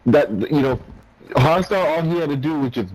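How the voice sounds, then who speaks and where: A man's voice: on the high side, a little fast, a little mellow, a little hiss or hum, low-quality recording. A man in casual gaming chat who rambles and repeats himself while explaining. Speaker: gamer streaming with a friend.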